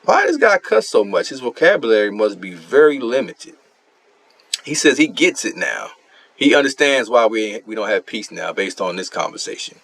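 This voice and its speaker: A man's voice: lowish voice, big pitch swings, normal speed, gravelly, a bit bright, husky. A man giving casual commentary on a strategy game, ranting in an indignant, mocking way about another player.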